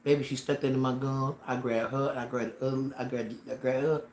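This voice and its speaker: A man telling a personal story on a casual livestream, dramatic and animated, with slang and sound effects. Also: mid-range voice, brisk, a little hiss or hum. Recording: roomy echo with faint ambience.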